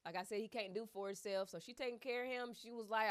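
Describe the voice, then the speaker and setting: A woman's voice: on the high side, fast talker. Chatty woman retelling a story. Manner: chatty and animated, with many fillers. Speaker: commentator. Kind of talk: casual retelling commentary.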